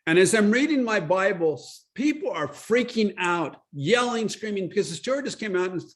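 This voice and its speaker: High-voiced man telling a testimony. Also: normal speed. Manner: animated, acts out the quotes in his story. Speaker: Bible study leader sharing his testimony. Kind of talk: storytelling testimony.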